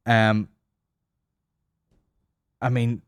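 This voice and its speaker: A man's voice: medium pitch, flat delivery, very slow, clear, resonant tone, no echo, studio quality. A man hosting a comedy podcast, rambling and swearing as he jokes. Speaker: podcast host. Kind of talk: casual comedy banter.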